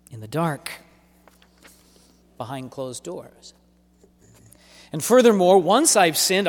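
Animated man preaching in an echoing hall. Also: on the high side. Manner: animated, emphatic preaching with rhetorical repetition. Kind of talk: sermon.

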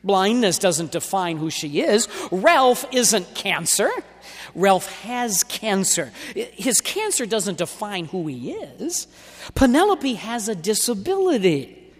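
A man preaching a sermon in an emphatic, deliberate way, stretching out key words. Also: high voice, big pitch swings. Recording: long hall reverb.

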